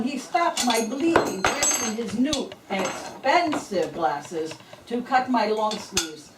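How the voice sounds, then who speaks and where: Woman doing a French-accented man reading his letter; fond, halting, far off in a reverberant hall with light hiss. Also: fairly high pitch. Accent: put-on French. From Scotland. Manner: earnest, halting phrasing. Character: French man fondly recalling an old friend. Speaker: reader of a letter at a memorial.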